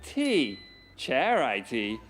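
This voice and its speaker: Pompous sitcom detective. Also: male voice, mid-range voice, huge pitch swings, very slow, heavily acted. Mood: guessing. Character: pompous male police detective, middle-aged. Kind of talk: scripted sitcom acting for learners.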